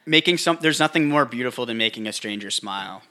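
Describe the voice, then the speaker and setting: A young man co-hosting a podcast, chatting casually with goofy deadpan humor and stumbling restarts. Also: medium pitch, quick pace. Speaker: podcast co-host. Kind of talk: casual chat.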